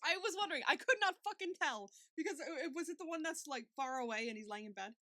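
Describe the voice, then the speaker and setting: High bright-voiced woman podcaster. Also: fast, dry recording, clean studio sound. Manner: laughs often, swears freely, animated. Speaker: podcast co-host. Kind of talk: casual recap chat.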